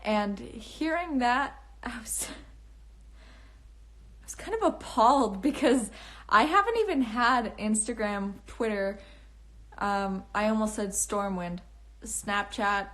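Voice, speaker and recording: Her medium-pitched voice is a bit bright, slow, and lively in intonation. This young woman, an author hosting a phone livestream captured on the phone's camera, rambles cheerfully through viewer comments, laughing and starting over a lot.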